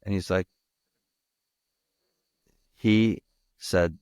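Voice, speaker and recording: Casting: low-voiced man, guest on a podcast, candid and emphatic storytelling, dry close sound. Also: takes it slowly, pauses often, darkish tone, smooth, no echo. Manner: emphatic and raw, swearing, restarting sentences. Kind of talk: candid personal storytelling in interview.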